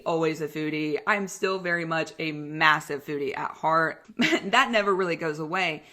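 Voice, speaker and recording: A young woman hosting a podcast as a coach, telling stories in a casual, slangy, animated way and laughing often. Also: lowish voice.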